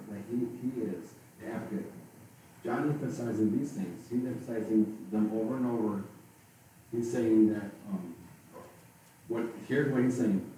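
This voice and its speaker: A man preaching a sermon as pastor, speaking haltingly and often restarting and repeating his words. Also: lowish voice, mellow. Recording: very echoey, from far off, faint noise.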